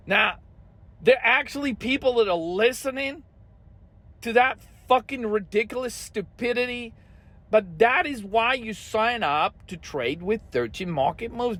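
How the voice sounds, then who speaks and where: A man's voice: high-pitched, fairly bright tone. A man hosting a trading channel, ranting heatedly and swearing constantly as he comments on the markets.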